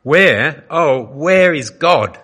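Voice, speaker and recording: A man's voice: on the low side, big pitch swings, a little slow, fairly bright tone, husky, heavily acted. A male preacher voicing a terrified man who cries out desperately for his family and God in darkness.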